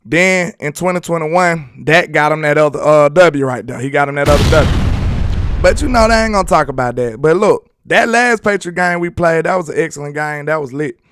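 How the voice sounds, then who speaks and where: A man's voice: a little high, normal speed, fairly bright tone, clean tone, dry recording. A man hosting a casual live sports talk stream, rambling loosely, chatting with viewers and laughing often. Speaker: sports talk show host.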